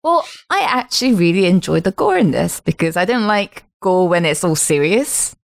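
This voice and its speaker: A woman's voice: on the low side, sing-song, moderate pace, gravelly, no room sound. A woman co-hosting a casual film discussion, agreeable and chiming in often. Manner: agreeable, many small affirmations. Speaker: podcast co-host.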